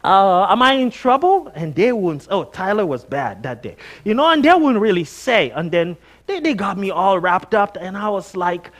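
Guest preacher, male, high and very lively pitch, animated storyteller who acts out dialogue. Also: moderate pace, few pauses. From Nigeria. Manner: animated storytelling, acting out the voices of others. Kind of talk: sermon. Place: church.

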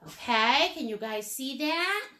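Playful high-voiced painting teacher woman. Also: lively intonation, unhurried, sharp tone. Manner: playful, sing-song asides and little hums. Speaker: painting instructor. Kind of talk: live painting lesson, step-by-step instructions.

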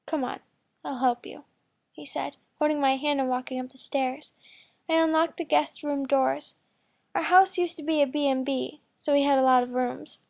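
A woman reading a first-person fan fiction story aloud in a plain, quick way. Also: high-pitched, fairly even intonation, vocal fry, a little mellow. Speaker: story reader.

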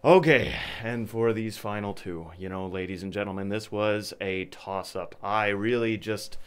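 A man presenting a comedy segment, announcing winners to the ladies and gentlemen like a showman. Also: lowish voice, measured pace. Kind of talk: mock awards announcement.

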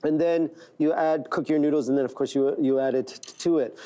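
A man's voice: on the high side, steady tone, a little fast, warm tone, clear, resonant tone. A man as a guest chef on a daytime talk show, walking the hosts through a cooking demo and checking in with "right?" and "okay?" as he goes. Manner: explaining steps with many "right?" and "okay?" checks. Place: TV studio kitchen.

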